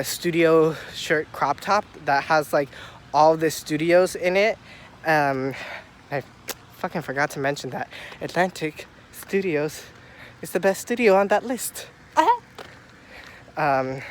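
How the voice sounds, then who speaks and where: Sick, breathless young man vlogging outdoors. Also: on the high side. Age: young adult. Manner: excitable, rambling and profane. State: sick with a stuffy nose. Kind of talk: casual walking vlog. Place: outdoors on a city street. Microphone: phone held at arm's length. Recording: faint outdoor traffic noise. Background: faint street and traffic sounds.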